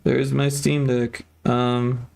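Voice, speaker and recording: A man's voice: mid-range voice, level tone, slow pace, vocal fry, a little mellow. A man streaming his game development, chatting casually and thinking aloud with lots of fillers. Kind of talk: casual livestream chat.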